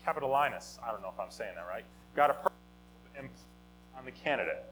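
A man teaching a Bible lesson in a conversational, animated way, often restarting and correcting himself. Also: medium pitch, fast talker, faint music behind, poor audio. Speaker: teacher of a Bible study or sermon. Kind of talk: informal teaching talk.

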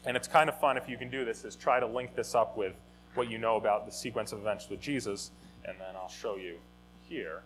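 A man teaching a Bible lesson in a conversational, animated way, often restarting and correcting himself. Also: medium pitch, low-quality recording. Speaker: teacher of a Bible study or sermon. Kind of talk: informal teaching talk.

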